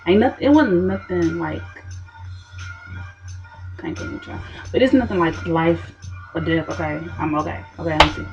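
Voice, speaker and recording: A woman's voice: lowish voice, moderate pace, long pauses, dull audio, music in the background. A woman telling a story to camera in a sassy, dramatic diva manner. She keeps tossing in "okay, honey.". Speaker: vlogger.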